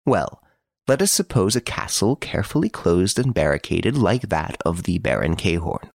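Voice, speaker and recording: A man reading an audiobook, voicing a suave, boastful gentleman thief who mocks his jailers from his prison cell. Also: deep voice, sing-song, normal speed, vocal fry, breathy edge, dry recording, studio quality, heavily acted. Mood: mocking, playful. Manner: playful, teasing, boastful.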